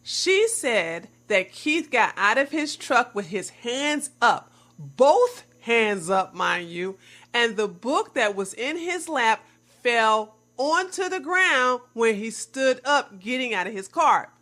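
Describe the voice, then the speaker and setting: A woman's voice: a little high, animated, takes it slowly, a bit bright. A woman delivering sarcastic commentary to her viewers, mocking the claims she reviews and calling her audience y'all. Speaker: commentary vlogger. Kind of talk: scripted commentary.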